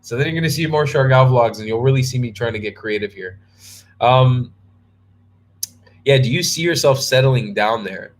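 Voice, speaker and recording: A man's voice: mid-range voice, moderate pace, long pauses. A tired young man casually chatting on a live stream, rambling and restarting as he answers viewer comments. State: tired and yawning. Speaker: travel vlogger answering live chat.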